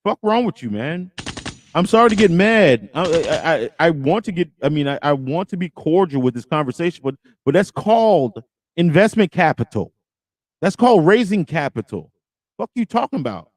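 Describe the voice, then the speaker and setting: A man's voice: a little high, animated, moderate pace, a little mellow, a little hiss or hum. A middle-aged man hosting a podcast, ranting and swearing heavily as he reacts to a clip. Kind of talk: heated reaction commentary.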